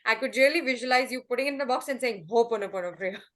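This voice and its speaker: A middle-aged woman answers questions as a coach. Her voice sits high and she talks with animated energy, acting out quotes in small put-on voices. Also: rapid-fire. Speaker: host and happiness coach. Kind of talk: coaching answers on a group call.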